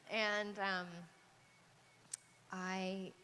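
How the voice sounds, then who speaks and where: A woman's voice: medium pitch, flat delivery, extremely slow, bright, forceful tone. A woman from Texas, an actress on a convention panel, telling a casual anecdote with many fillers, restarts and laughs. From Texas, USA. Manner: hesitant, lots of fillers and restarts, laughs often. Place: large convention hall panel. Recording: echoey convention hall, faint noise.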